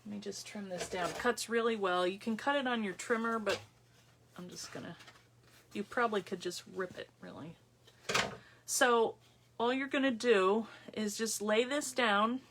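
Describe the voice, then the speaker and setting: A woman's voice: mid-range voice, moderate pace, fairly bright tone, a little hiss or hum. A woman hosting a live craft tutorial on her phone, chatting casually, thinking aloud and greeting viewers by name as she works at her craft table. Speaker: craft demonstrator hosting a livestream.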